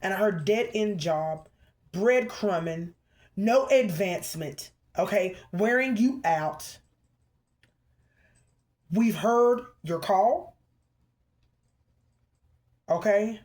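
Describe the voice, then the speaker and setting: A woman's voice: medium pitch, expressive, extremely slow, pauses often, a little mellow. A woman giving a collective spiritual reading, talking to the viewer and calling on the ancestors, with a habit of checking in with "okay?". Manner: emphatic, repeatedly checks in with "okay?"; calls out to the ancestors mid-reading. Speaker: spiritual reader.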